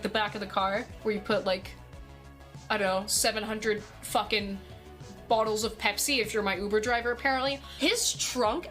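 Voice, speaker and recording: A young woman with a slightly high voice tells a story to her stream chat, lively and foul-mouthed, acting out each person's lines. Faint music plays in the background. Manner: animated, swears constantly, acts out quotes.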